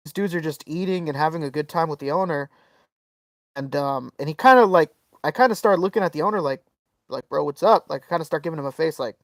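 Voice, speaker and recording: A man's voice: on the high side, no echo, distant mic. A man spins a long, profanity-laced anecdote for his podcast co-hosts, jumping into little voices for everyone in the story. He sits a bit back from the mic in a dry, dead room. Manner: animated storyteller, swears freely, acts out quotes. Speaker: podcast co-host. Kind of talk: casual storytelling chat.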